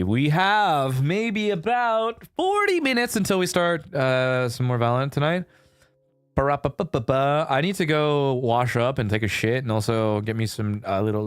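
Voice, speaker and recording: A man's voice: medium pitch, big pitch swings, moderate pace, hardly any pauses, clear, resonant tone, no room sound, faint music behind. A male streamer in casual chat, laid-back and rambling with fillers, swearing and laughing often.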